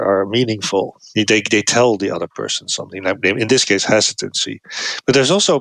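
Man, low voice, podcast guest, animated explainer, dry close sound. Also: no room sound. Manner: animated, lifts pitch to act out examples, frequent restarts. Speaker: podcast guest, cognitive scientist. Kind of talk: explanatory interview talk.

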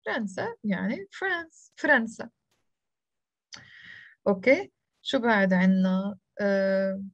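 Over a video call, an Arabic teacher with a Lebanese accent leads a live lesson for beginners, spelling out each letter patiently and cheering her students on. She speaks in a mid-range voice, and there's no room sound in the clip.

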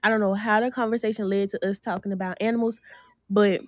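A woman telling an animated storytime to her viewers, laughing often and calling them "y'all". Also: medium pitch, fast talker, no echo, clean studio sound. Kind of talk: storytime vlog.

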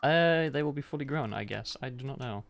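A man streaming a video game, chatting in a relaxed, halting way and laughing easily. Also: mid-range voice, creaky. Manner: relaxed, halting, chuckles often. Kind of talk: casual gaming chat.

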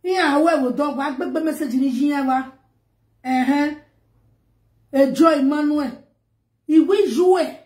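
Nigerian woman, high voice, emphatic rant to camera, roomy echo. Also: unhurried, long pauses, a little mellow. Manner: emphatic, scolding, repetitive. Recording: echoey room.

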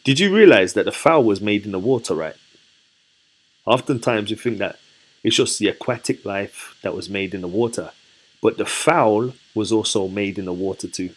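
Husky, low-voiced man teaching scripture. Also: moderate pace. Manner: asks the listener questions, then answers them; relaxed, chatty and self-correcting. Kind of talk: casual Bible study talk.

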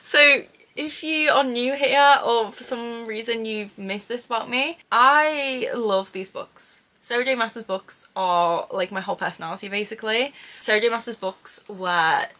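A woman's voice: a little high, measured pace, sharp tone. A young woman vlogging an unboxing at home, gushing and emotional about her books. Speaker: book vlogger. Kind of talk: casual unboxing vlog.

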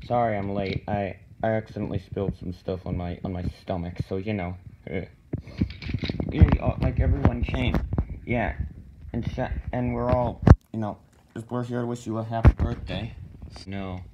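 A fairly low-voiced man rambles his way through a silly comedy skit and jokes as he goes. The recording is muffled and lo-fi. Loud hiss runs under everything. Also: fairly even intonation, normal speed.

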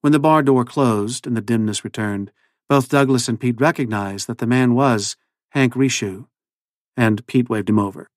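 A man, the author, reading his own novel aloud in measured, low-key narration. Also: no room sound, clean studio sound.

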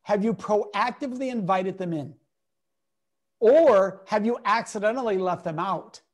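An emphatic male speaker, a guest educator in an interview, lays out his points with lively energy and slips in acted-out quotes as he tells anecdotes. His delivery is expressive and driven. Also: high voice, a little slow. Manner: emphatic, lively, acts out quotes in different voices.

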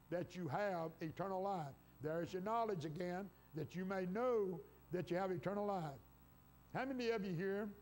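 A man's voice: high voice, a little mellow, slight background noise. A man preaching a sermon in church, quoting scripture and rising to fervent exclamations, his voice congested from an illness. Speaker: pastor. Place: church sanctuary.

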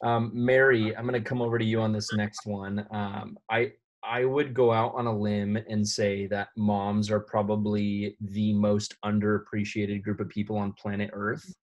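A man hosting a faith-based youth panel, asking reflective questions and acting out teenage replies with animated quotes. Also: on the low side, moderate pace, highs cut off. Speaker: youth ministry host.

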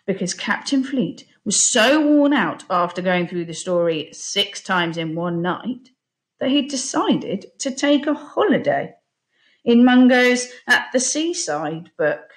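A primary school teacher, a woman, reads a children's picture book aloud in an expressive storytelling voice. She tells the story slowly, with lively pitch.

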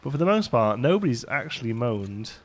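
A man's voice: medium pitch, sing-song, fairly quick. A man casually commentating a city-building game as he plays, chatty and rambling, laughing often and thinking aloud. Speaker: let's play host.

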